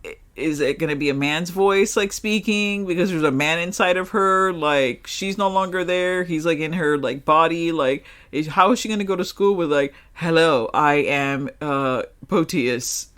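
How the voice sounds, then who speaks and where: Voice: medium pitch, normal speed, a bit bright, clear, resonant tone. A podcast co-host in casual movie talk, swearing freely, laughing often and talking with lots of "like".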